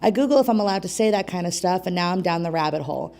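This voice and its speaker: A woman's voice: lowish voice, animated, rapid-fire, darkish tone. Breathless, giggly woman poet at an open mic. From New York State. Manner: nervous, laughing asides, chatty. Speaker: poet and co-host. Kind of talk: open mic poetry reading. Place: small community venue.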